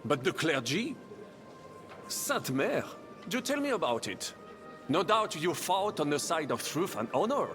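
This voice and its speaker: A man's voice: a little high, sing-song, a little slow, music in the background. A man with a French accent voicing a boastful baron in a video game, grand and theatrical. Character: boastful French baron, smooth talker, middle-aged man. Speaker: game character.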